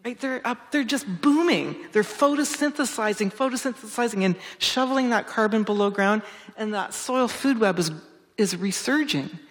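Enthusiastic woman researcher in a reverberant hall. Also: moderate pace. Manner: enthusiastic, restarting phrases, leaps in pitch when excited. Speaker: forest researcher and author. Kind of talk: public talk answering interview questions.

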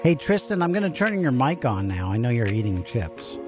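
A man's voice: mid-range voice, very animated, brisk, over loud music. A man hosting a casual homemade radio show, bantering playfully in a fatherly way. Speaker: host.

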